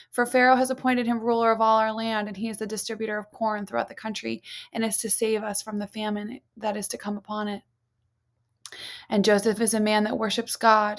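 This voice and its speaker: A woman reading an ancient story aloud at a steady pace, now and then stumbling on a word and correcting herself. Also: mid-range voice. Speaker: reader.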